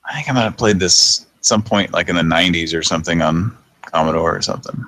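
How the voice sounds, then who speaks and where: A tired, yawning man in his thirties hosts a late-night live show in a very low, gravelly voice with vocal fry. He chats loosely at a quick pace, thinking out loud and chuckling often, recorded close and dry with no echo.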